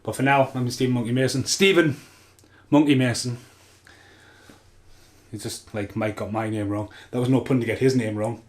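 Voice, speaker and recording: A man's voice: mid-range voice, steady tone, quick pace, hardly any pauses, darkish tone. A man hosting his channel, chatting casually in a rambling, self-mocking way. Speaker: channel host. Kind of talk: casual chat.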